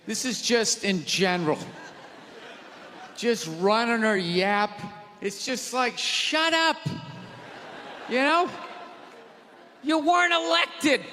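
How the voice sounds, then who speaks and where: Loud, profane, ranting stand-up comic. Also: male voice, sits high. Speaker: stand-up comedian. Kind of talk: stand-up comedy rant. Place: large theater. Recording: live theater reverb, crowd noise.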